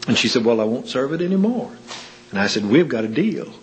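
A man's voice: sing-song, fairly quick, a little hiss or hum, low-quality recording. A man preaching a sermon, asking rhetorical questions and telling anecdotes with dry humor. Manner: rhetorical questions with wide pitch swings.

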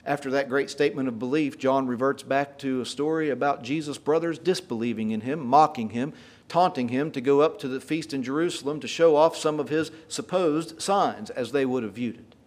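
A man preaching a sermon, retelling scripture dramatically with folksy paraphrase and getting louder on the quoted lines. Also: mid-range voice, brisk. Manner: emphatic, rises in volume for quoted lines.

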